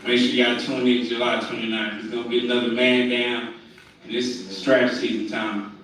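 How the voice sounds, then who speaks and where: A male professional boxer speaking slowly and boastfully at a press conference. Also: medium pitch, level tone, fairly bright tone. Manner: boastful, slow-spoken. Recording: echoey hall from far off.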